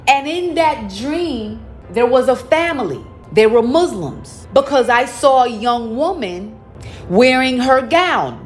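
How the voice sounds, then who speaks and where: A woman giving a spiritual card reading to viewers, dramatic, with loud exclamations and emphatic repetition. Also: on the high side. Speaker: psychic card reader. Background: faint background music.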